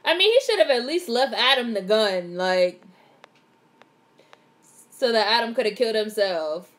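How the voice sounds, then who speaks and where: Young woman reacting to a movie live, kinda high voice, gets loud and swears a lot. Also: a little slow. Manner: excitable, swears freely, narrates the screen in bursts. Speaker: vlogger reacting to a film.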